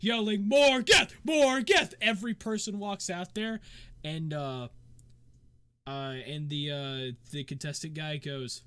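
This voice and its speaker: A man's voice: a little high, fairly even intonation, measured pace, a bit bright, clean tone. A man running a tabletop game as game master, narrating in a rambling way full of fillers.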